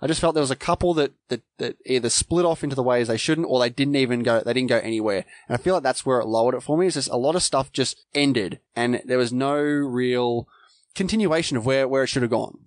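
A man's voice: mid-range voice, fast, dry recording. A man co-hosting a podcast, chatting casually about a film with hesitant restarts. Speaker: podcast co-host. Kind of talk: casual film review chat.

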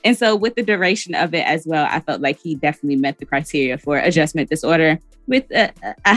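A woman's voice: fairly low pitch, fairly bright tone, no room sound. A woman co-hosting a casual podcast, explaining clinical diagnoses in plain talk and laughing between points. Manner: clinical terms mixed with laughing banter. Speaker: podcast co-host, therapist. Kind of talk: casual chat.

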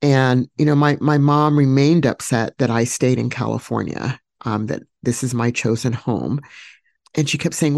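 A woman hosting a podcast, telling a personal story alone in a reflective, heartfelt way, pausing to search for words. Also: extremely low pitch, darkish tone, dry recording, studio quality. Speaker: podcast host.

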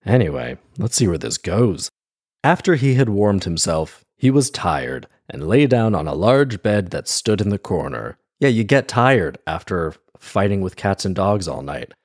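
A man's voice: low voice, sing-song, measured pace, a little mellow, dry recording, clean studio sound. A man reading a fairy tale aloud and breaking off for wry, sarcastic comedic commentary. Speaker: storyteller and commentator.

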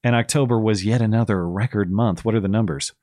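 A man's voice: on the low side, quick pace, no room sound, studio quality. A man hosting a podcast, giving casual, sarcastic political commentary and laughing as he talks. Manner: sarcastic, animated, laughs while talking. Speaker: podcast host.

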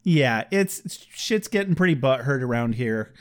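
A man's voice: mid-range voice, animated, normal speed. A man co-hosting a casual recap chat, joking and laughing often as he acts out quotes. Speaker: podcast co-host.

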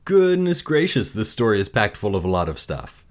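A man reading a fairy tale aloud and then reflecting on its lessons, in a measured, gentle way. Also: sits low, expressive. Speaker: storyteller.

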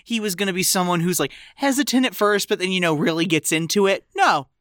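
A woman co-hosting a film podcast, animated and quick to laugh. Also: on the low side, no room sound, studio quality. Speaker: podcast co-host. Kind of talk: casual film-review chat.

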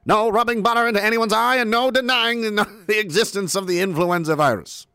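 A stern, old-fashioned boxing referee, put on by a man. He lays down the rules with mock gravity in a loud, high 1950s radio voice. The sound is dry and close. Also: a little fast, clean tone, no room sound. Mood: officious.

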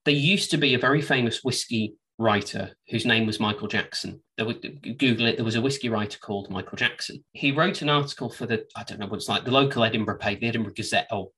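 A man's voice: on the low side, fast talker, few pauses, bright, forceful tone, far from the mic, poor audio. A man co-hosting a casual wine podcast, telling rambling, self-deprecating stories. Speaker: podcast co-host, wine trade. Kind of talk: casual chat.

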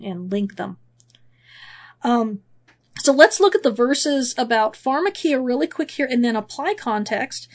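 A woman giving a casual Bible teaching, reading scripture aloud with wry asides, a little sniffly from allergies. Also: a little high.

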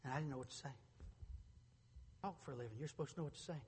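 A middle-aged male pastor preaching a sermon in a church, moving from quiet storytelling to shouted preaching. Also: on the high side, very fast, long reverb tail, a little hiss or hum. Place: church sanctuary.

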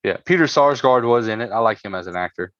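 A man's voice: mid-range voice, expressive, fast, a bit bright, no echo, highs cut off. A man co-hosting a podcast, chatting casually and rambling with lots of fillers and restarts. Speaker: podcast co-host.

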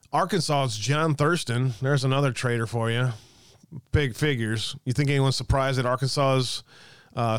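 A man's voice: medium pitch, no room sound. Sarcastic man ranting in a dry room. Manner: sarcastic, muttering asides and scoffing; swears casually. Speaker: host of a political commentary show. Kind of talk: ranting online commentary, reading aloud from a website.

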